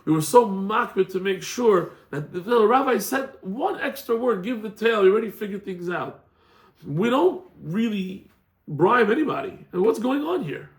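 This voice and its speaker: A man, a rabbi, giving a casual class and telling stories, acting out the people in them with animated voices. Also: sits high. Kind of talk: casual Torah class with storytelling. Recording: echoey room.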